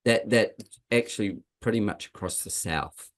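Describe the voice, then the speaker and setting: A man with a New Zealand accent mixed with Australian, hosting a casual interview in a relaxed, rambling way. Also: fairly low pitch, normal speed. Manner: relaxed, rambling, many fillers.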